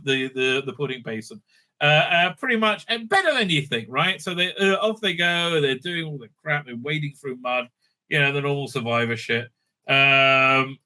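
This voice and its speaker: Aussie guy ranting thru a show recap, crude and mocking, lots of uhs, kinda high bright voice. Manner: crude, mocking, rambling with many fillers. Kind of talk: casual recap commentary. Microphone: streaming setup mic.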